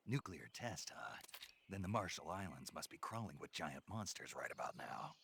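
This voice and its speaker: A very deep, gravelly man's voice: a gruff soldier on a jungle mission in a game cutscene. He talks in a dry, deadpan way while his pitch swings widely, with faint noise behind. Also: moderate pace, heavily acted.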